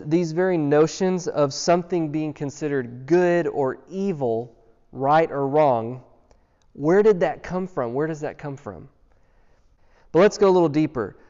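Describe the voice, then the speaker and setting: A man's voice: on the high side, warm tone. A man preaching a sermon, earnest and emphatic, asking his listeners one rhetorical question after another. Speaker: pastor. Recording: dull sound with long hall reverb.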